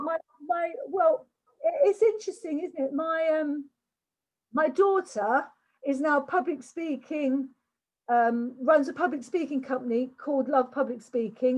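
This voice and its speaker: An older Englishwoman with a high, slightly mellow voice gives a chatty online workshop talk over a video call, frequently repeating words and restarting. The recording quality is low.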